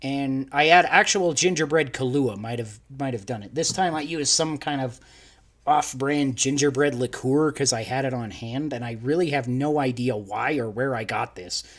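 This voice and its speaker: On a casual podcast live stream, a young co-host talks at medium pitch and a moderate pace. He rambles and laughs as he goes, often cutting himself off to restart.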